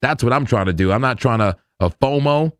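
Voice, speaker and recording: A man's voice: mid-range voice, fairly quick, dry recording, studio quality. A man hosting a live crypto trading stream, chatting loosely in slang and laughing often as he talks through charts. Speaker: crypto trading livestream host. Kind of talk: casual live market commentary.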